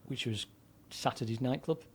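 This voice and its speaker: At a moderate pace and in a mid-range voice, a former DJ and broadcaster in his seventies tells long stories in a loose, rambling manner. Fillers and restarts crop up frequently, and a little hiss or hum can be heard.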